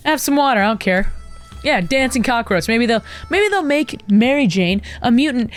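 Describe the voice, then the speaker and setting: A woman streamer giving casual gameplay commentary, excitable and melodramatic with sarcastic asides. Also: a little high, moderate pace, soft background music. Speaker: gaming streamer.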